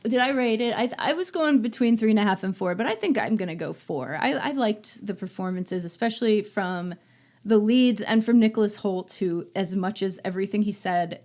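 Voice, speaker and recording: A woman's voice: medium pitch, lively intonation, brisk, darkish tone. A woman hosting a casual podcast chat, giving opinionated film reviews and often trailing off and restarting her thoughts. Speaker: podcast host.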